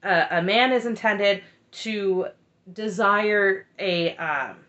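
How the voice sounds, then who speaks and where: A woman with a bright, clear voice talks through a reality show episode in a casual, opinionated recap. She is candid and animated and often stops for asides. Her pitch sits in the middle of the usual range. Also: slow pace, dull audio.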